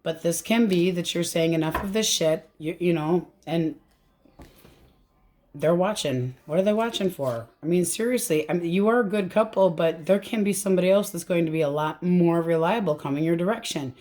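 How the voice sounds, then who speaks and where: A woman's voice: fairly low pitch, moderate pace, a little mellow. Blunt, chatty woman reading tarot. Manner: chatty, blunt, swears freely. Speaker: tarot reader.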